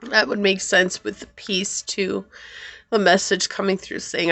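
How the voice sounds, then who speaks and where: A woman's voice: mid-range voice, flat delivery, measured pace, vocal fry, fairly bright tone, no room sound. A woman giving a pick-a-card tarot reading, talking earnestly and thinking aloud as she pulls cards. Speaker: tarot reader.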